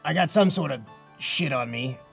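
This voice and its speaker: A man's voice: fairly high pitch, animated, normal speed, gravelly, a bit bright, soft background music. A man playing a tabletop game, brash and profane in his talk. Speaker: player. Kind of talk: casual chat at a game table.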